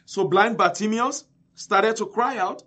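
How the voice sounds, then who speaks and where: A male preacher delivering a sermon, emphatic and repetitive, swinging between loud and soft. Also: high voice, a little slow.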